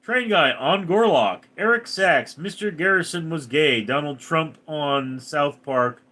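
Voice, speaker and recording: Man, young adult, livestream host, casual chat, joking replies, lively pitch. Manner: joking, reacting quickly to chat messages.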